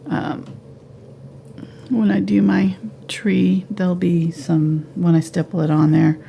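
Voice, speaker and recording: A woman giving a live painting tutorial at home, relaxed and thinking aloud as she paints. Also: fairly low pitch, slow, gravelly, a little hiss or hum. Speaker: painting instructor.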